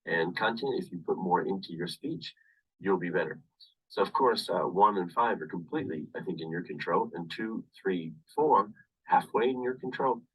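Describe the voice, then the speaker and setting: A man with a low, slightly husky voice gives a university English lecture over a video call, heard through a webcam mic set a little back from him. He explains step by step and circles back to the same points, leaning on "of course" again and again. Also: a bit bright, distant mic, rough recording. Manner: repetitive, explains slowly with many "of course" asides. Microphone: computer webcam mic on video call.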